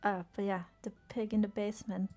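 A woman's voice: medium pitch, flat delivery, a little fast, dark tone, faint music behind. A woman streaming a video game, chatting with her chat and swearing when things go wrong. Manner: swears often, exclaims in frustration; chatty, reads chat aloud and answers it. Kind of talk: casual gameplay commentary.

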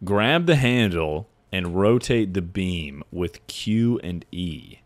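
A man's voice: low-pitched, animated, slow pace. A man streaming a game while drinking, tipsy, rambling and swearing as he chats and laughs. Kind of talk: casual game-stream chatter.

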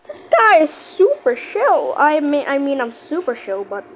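High, lively, excitable woman gamer. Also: slight background noise. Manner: excitable, panicky outbursts and shouted countdowns; repeats phrases rapidly under pressure. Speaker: gaming channel host. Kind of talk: live gameplay commentary.

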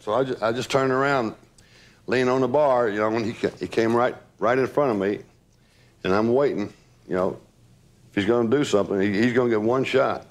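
A man's voice: medium pitch, fairly quick. Older man spinning stories. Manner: rambling, repeats words, laughs while telling. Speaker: former entourage member telling stories. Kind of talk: casual storytelling.

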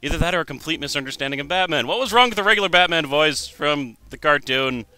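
Wry young man with a bright voice. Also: a little high, lively intonation, fast talker, smooth, no room sound. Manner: wry, thinks aloud, jokes at himself. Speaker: let's play host. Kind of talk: gameplay commentary.

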